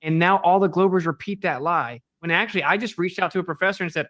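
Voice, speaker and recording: A man in a heated debate, insistent and defensive, firing back quick rebuttals. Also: high-pitched, pushed and bright, dry recording.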